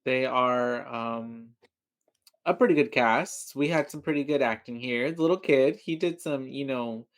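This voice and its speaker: A man's voice: medium pitch, unhurried. Easygoing male podcast co-host. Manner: loose, joking, trails off often. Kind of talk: casual movie recap chat.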